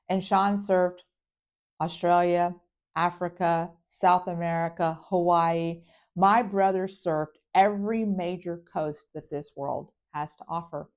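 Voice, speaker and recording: A middle-aged woman from Florida giving an animated personal storytelling talk, full of dramatic pauses and character voices. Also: on the low side, vocal fry. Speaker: speaker.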